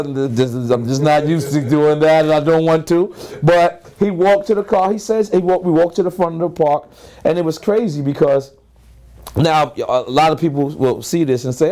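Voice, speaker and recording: A man's voice: a little high, animated, moderate pace, mellow. A man, telling stories in an interview in a loose, profane way and acting out both sides of each exchange. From Queens, New York. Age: 30s. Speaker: rapper and interview guest. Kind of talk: casual storytelling interview.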